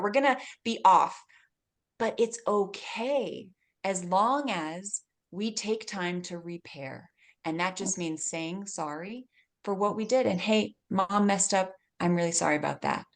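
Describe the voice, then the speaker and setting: A woman in her forties speaks as a guest expert in an earnest, open way. She laughs easily and slips into little acted-out exchanges as she talks. Her voice sits at a middle pitch. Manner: earnest, laughs often, acts out little dialogues. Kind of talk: warm advice talk.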